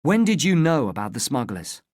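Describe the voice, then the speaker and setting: A narrator voicing a friendly local police constable who speaks calmly and politely in a slow storybook reading. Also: mid-range voice, no room sound, clean studio sound, close to an everyday voice. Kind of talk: storybook reading for English learners.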